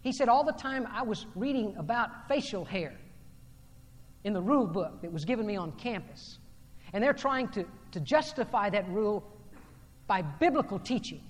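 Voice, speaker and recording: A male preacher delivering a sermon, swinging from loud, declaiming passages to low, intense murmurs. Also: expressive, moderate pace. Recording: long hall reverb.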